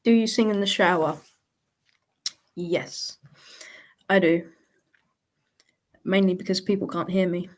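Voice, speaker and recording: A woman with a fairly low voice hosts a casual livestream Q&A, reading out viewer questions, chatting and laughing often. She takes her time and pauses often.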